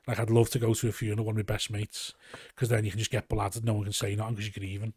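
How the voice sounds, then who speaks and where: A man's voice: lowish voice, flat delivery, very fast, a little mellow, breathy edge. A man from Liverpool with a Scouse accent, a comedian chatting casually as a podcast guest, rambling and swearing freely. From Liverpool, England. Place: garage studio.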